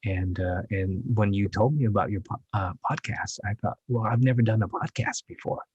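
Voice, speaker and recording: A man who is an actor, speaking English as a later language, chatting as a podcast guest in a rambling, halting way with frequent laughs. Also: lowish voice, a little mellow, breathy edge, no echo, lo-fi sound. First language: Chinese dialect. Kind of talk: casual interview chat.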